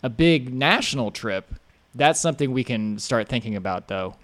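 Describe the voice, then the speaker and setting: A man hosting a casual podcast chat and reading out viewer questions in a relaxed way. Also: mid-range voice, normal speed. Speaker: podcast host.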